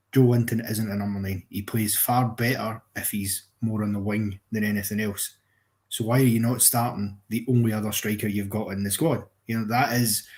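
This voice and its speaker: A man calling into a live football fan stream, giving a measured, analytical take and thinking aloud. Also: fairly low pitch, darkish tone.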